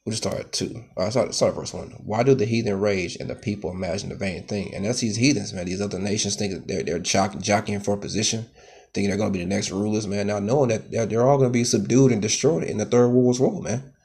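A man's voice: fast, breathy edge. A man preaching from scripture, tagging lines with "man" and "okay", stumbling through restarts and growing heated. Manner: grows loud and heated, pitch rising sharply. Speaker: street preacher. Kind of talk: scripture teaching sermon.

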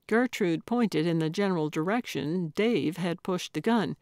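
Brief: unhurried woman narrator for a cozy mystery read, dry close sound. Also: fairly low pitch, no echo. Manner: even, measured storytelling. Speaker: audiobook narrator. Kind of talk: scripted narration.

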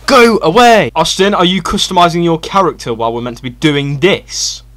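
A young man giving casual, excitable co-op gameplay commentary, laughing and yelling at his teammate. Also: on the high side, normal speed, no echo. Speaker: gaming channel host.

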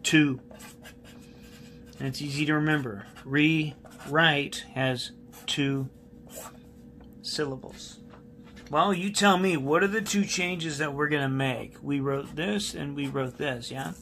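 A man's voice: fairly high pitch, moderate pace, gravelly, few pauses, a bit bright, slight background noise. A male math teacher giving a recorded classroom lesson, patiently repeating key steps and asking students questions while he writes on a board.

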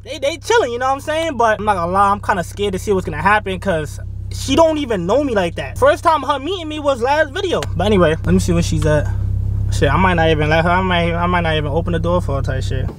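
A young man with a high, bouncy voice teases and provokes in a brash, swearing way. He talks from inside a car, and the recording is full of noise. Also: expressive, quick pace. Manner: brash, teasing, swears a lot. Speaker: prank vlogger. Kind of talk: casual prank vlog talk.

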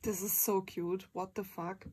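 A young woman in a casual unboxing vlog, gushing, giggling and often squealing in excitement. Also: medium pitch, unhurried. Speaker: vlogger. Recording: crinkling packaging noise behind. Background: bubble wrap and packaging crinkles.

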